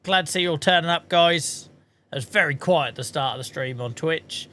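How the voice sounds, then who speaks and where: A man's voice: on the high side, a little fast, sharp tone. A man streaming a game, chatting casually in a self-mocking way and swearing casually now and then. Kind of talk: casual livestream chat.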